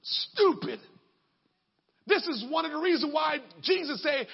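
A man preaching a sermon in a colloquial, emphatic way, bursting into shouts. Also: very high-pitched, expressive, unhurried, vocal fry, pauses often, muffled recording.

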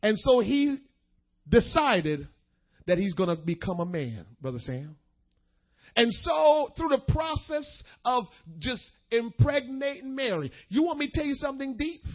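High-pitched guy preaching, swings from slow and loud to fast, muffled lo-fi sound. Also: very animated. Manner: preaching with dynamic shifts, drawn-out emphasis and sudden shouts. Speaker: pastor. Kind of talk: sermon.

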